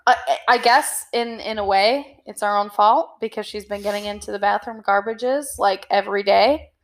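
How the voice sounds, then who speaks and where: A woman co-hosts a podcast, telling stories in casual chat and laughing often. Her voice is mid-range and her pace moderate, with a chatty storytelling manner.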